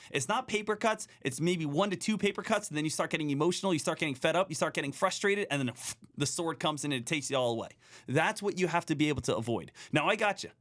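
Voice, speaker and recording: A man's voice: fairly high pitch, fairly bright tone. A man who trades stocks, talking energetically in a podcast interview and repeating points like a coach.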